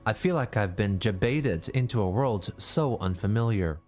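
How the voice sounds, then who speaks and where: A man doing a scripted, deadpan comic promo read. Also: on the low side, moderate pace, faint music behind.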